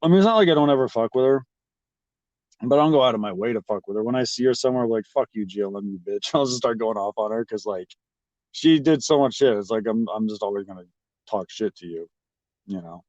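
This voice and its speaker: A man's voice: medium pitch, lively intonation, fast, darkish tone, dry recording. A man talking casually to his livestream chat, rambling and mocking with lots of swearing. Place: at a restaurant. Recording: dry, slightly dull audio.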